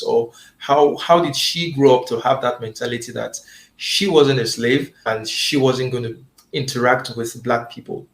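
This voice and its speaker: A man's voice: mid-range voice, fairly bright tone. Man asking probing interview questions, roomy sound.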